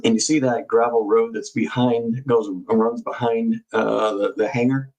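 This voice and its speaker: A man in a casual live discussion, guiding through a map with halting speech and many fillers and restarts. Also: mid-range voice, little pitch movement, a little mellow, lo-fi sound.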